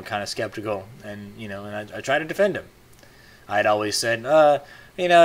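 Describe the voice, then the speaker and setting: A man's voice: mid-range voice, a bit bright. A man talking to camera in a casual monologue, rambling with many fillers and restarts. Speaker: video blogger.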